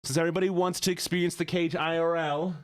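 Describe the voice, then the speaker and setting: A man's voice: on the high side, flat delivery, fast talker, smooth, no room sound, clean studio sound. A man streaming live, chatting with his viewers in a playful, teasing way.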